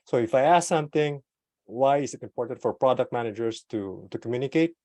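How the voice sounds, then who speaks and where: Using a desktop USB microphone, a man gives an online talk on product management with lively intonation and no echo. He's casual, with fillers and light laughs, big swings in pitch and loudness, and deliberate pauses and slowdowns.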